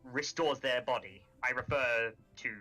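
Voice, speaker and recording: A man playing his character at a tabletop game, explaining slowly and deliberately with stumbling restarts. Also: mid-range voice, bright, forceful tone, faint music behind, rough recording. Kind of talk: in-character tabletop role-play.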